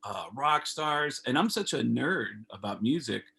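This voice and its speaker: A man's voice: medium pitch, a little slow, creaky, slightly rough, low-quality recording. A man, a comedian, telling a long anecdote on a video call in a casual, profane way, jumping into other people's voices as he goes. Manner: animated, profane, acts out others' lines in raised voices. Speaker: comedian guest. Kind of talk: casual storytelling interview.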